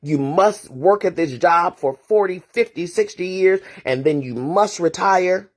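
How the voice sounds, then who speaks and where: With a fairly low voice and a slightly slow delivery, a woman therapist hosts a casual morning monologue. She's emphatic and preachy, driving points in through repeated phrases and rhetorical asides.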